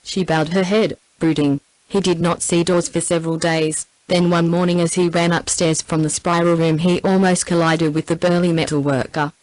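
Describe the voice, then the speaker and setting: A synthetic woman's voice with an Australian accent reading a novel aloud in an even, scripted narration. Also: fairly low pitch, normal speed, few pauses, no echo, rough recording. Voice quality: even synthetic text-to-speech delivery. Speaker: audiobook narrator.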